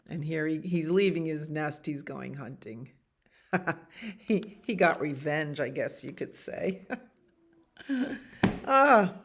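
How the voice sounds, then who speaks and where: A woman's voice: low voice, animated, takes it slowly, long pauses. A woman reading picture books aloud to children at a library storytime, with chatty asides to her young listeners.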